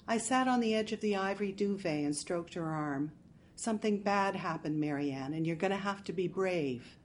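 Woman narrator, somewhat low voice, wry first-person mystery reading. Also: darkish tone, a little hiss or hum. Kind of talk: storytelling narration.

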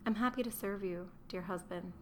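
A woman's voice: medium pitch, normal speed, slight background noise, close to an everyday voice. A woman doing a timid young foreign wife. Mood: meek. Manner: soft, timid, deferential.

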